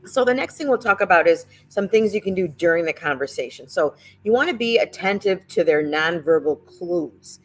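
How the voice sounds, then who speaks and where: Low-voiced woman telling care stories. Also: expressive, moderate pace, hardly any pauses. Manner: conversational, many fillers and restarts, tells stories. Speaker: nurse advocate host. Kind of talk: casual educational talk.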